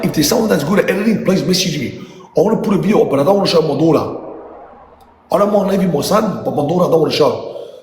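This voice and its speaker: An animated middle-aged man tells stories about his kids in a casual chat, swearing and laughing as he goes. His voice sits a little high. The sound is roomy with a long reverb and a faint hum of noise. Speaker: father talking to viewers. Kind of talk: casual storytelling livestream.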